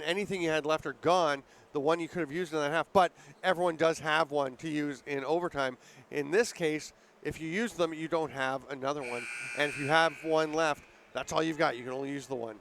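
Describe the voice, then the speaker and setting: A man calling live lacrosse play-by-play from an arena booth, explaining rules and rising sharply in excitement on big plays. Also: a little high, a little hiss or hum. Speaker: play-by-play commentator.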